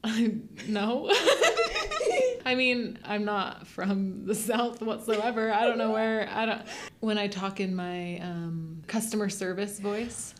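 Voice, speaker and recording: A woman's voice: medium pitch, steady tone, slow, a little hiss or hum. A woman guest on a podcast, chatting casually and laughing along with the host. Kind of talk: casual chat.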